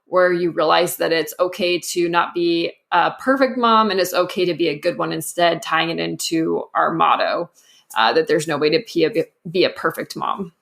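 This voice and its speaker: A woman's voice: lowish voice, normal speed, vocal fry, fairly bright tone. A woman hosting a casual interview, asking questions and thanking her guest. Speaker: podcast host.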